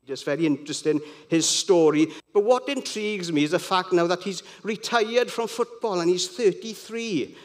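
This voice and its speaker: High-voiced man preaching. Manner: conversational, digressive, anecdotal. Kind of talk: sermon.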